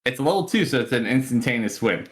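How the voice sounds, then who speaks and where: Animated man running a tabletop game. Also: medium pitch, fast. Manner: animated, making sound effects for the monsters. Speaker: dungeon master.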